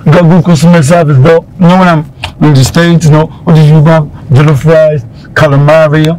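A man's voice: on the high side, little pitch movement, brisk, a little mellow, slight background noise, lightly acted, poor audio. A man playing a boastful passenger back from America, brash and flirty with put-on American slang. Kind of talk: comedy skit acting.

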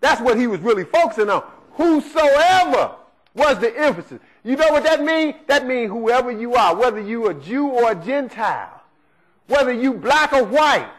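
A man's voice: very high-pitched, a bit bright, rough recording. A man preaching a sermon, emphatic and leaning on rhetorical questions to the congregation.

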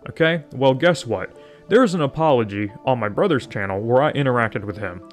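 A man streamer speaking defiantly and deliberately, with a sarcastic edge. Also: mid-range voice, animated, faint music behind.

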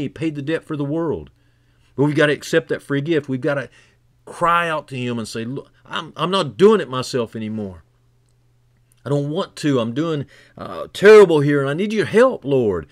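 In a dry recording, a preacher moves from hushed, low stretches up to loud, impassioned peaks, repeating important phrases to drive them home.

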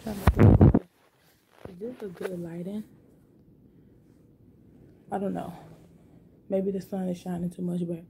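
A woman's voice: fairly low pitch, creaky, warm tone. A woman talking casually and emotionally to her vlog viewers, rambling in slangy speech from a car. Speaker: vlogger.

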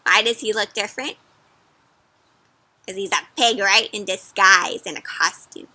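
A woman's voice: medium pitch, measured pace, long pauses, husky. A woman doing an interactive read-aloud for children, stopping often to ask them questions. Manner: asks children questions, animated. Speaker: storyteller.

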